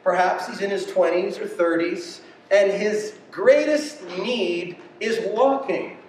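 A man preaching a sermon with passion, swinging between quiet and loud delivery. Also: high-pitched, slow. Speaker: pastor. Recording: echoey room from far off.

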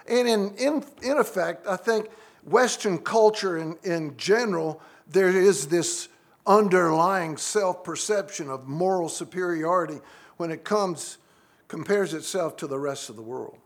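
A middle-aged man preaching in a church, his voice sitting notably high for a man. He delivers his sermon earnestly and keeps turning to the congregation with questions. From United States. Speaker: pastor.

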